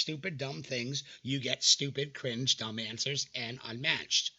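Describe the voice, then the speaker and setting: A creaky, bright, forceful voice at medium pitch belongs to a young male channel host. Reacting casually to dating app screenshots, he mocks the messages, sounds exasperated, and swears freely.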